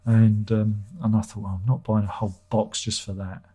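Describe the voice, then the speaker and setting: Middle-aged male streamer, husky and irreverent, chatty comment-reading host. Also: fairly low pitch, level tone, moderate pace, mellow. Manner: irreverent, joking, swears freely. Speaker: livestream host. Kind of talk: casual livestream chat reading viewer comments.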